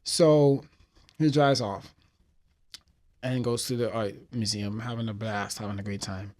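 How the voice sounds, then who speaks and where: A man's voice: lowish voice, moderate pace, a little mellow. A man hosting a podcast, telling a story in a heartfelt, hesitant way while reflecting on losing a friend. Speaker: podcast host.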